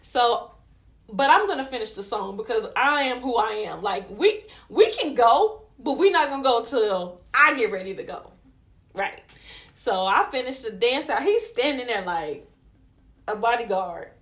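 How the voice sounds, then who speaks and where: A woman co-hosting a podcast, telling a story in casual chat, animated and profane, laughing as she goes. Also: fairly high pitch, moderate pace. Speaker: podcast co-host.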